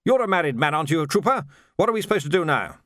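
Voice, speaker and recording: A man's voice: a little high, lively intonation, rapid-fire, fairly bright tone, no room sound, studio quality, voice pushed up. A man voicing a pompous, easily flustered army major who talks in an indignant officer's manner.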